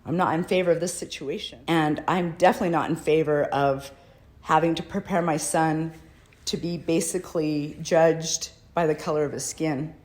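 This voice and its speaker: A woman's voice: low-pitched, steady tone, normal speed, a little mellow. A middle-aged woman, a mother, speaking earnestly and emotionally in a personal video address, pleading for someone to do the right thing. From United States.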